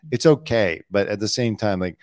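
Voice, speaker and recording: A man's voice: fairly low pitch, normal speed, darkish tone, no room sound, studio quality. Blunt, sarcastic middle-aged man. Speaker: co-host, former celebrity news producer. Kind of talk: casual chat.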